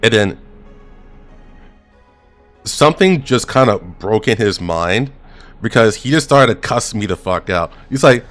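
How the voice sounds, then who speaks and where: A man's voice: lowish voice, measured pace, long pauses, faint music behind. Laid-back man telling a story. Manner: laid-back, chuckling, lively retelling. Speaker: gaming streamer. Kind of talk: casual storytelling anecdote.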